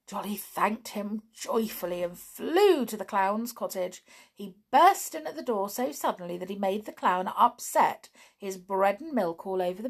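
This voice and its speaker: A woman reading a children's story aloud in a gentle, expressive way. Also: mid-range voice.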